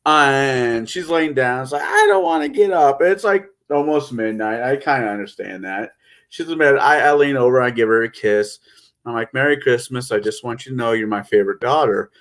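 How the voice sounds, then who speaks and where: A man's voice: mid-range voice, moderate pace, fairly bright tone. A man in casual late-night chat, easygoing as he tells a story about his daughter. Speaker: divorced father in conversation.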